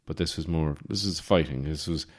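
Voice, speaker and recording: Irish man, forties, very deep voice, deadpan, digressive, podcast host. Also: brisk. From Ireland. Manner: deadpan, digressive, with frequent fillers and restarts. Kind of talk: rambling comic monologue.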